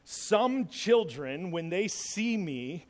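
A pastor delivers a relaxed sermon in a high, animated voice, speaking extremely slowly. He rambles through personal stories, pokes fun at himself and restarts often, all with a long hall reverb around him.

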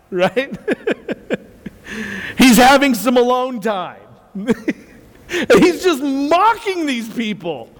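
A man preaching a sermon with animated storytelling, acting out quotes and laughing often as he goes. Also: extremely high pitch. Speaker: pastor. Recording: reverberant hall.

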